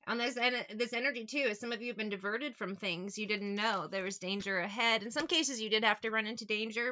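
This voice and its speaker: Woman tarot reader, bright and tense tone, emphatic and swears casually, dull lo-fi audio. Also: mid-range voice. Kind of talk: channeled tarot reading to camera.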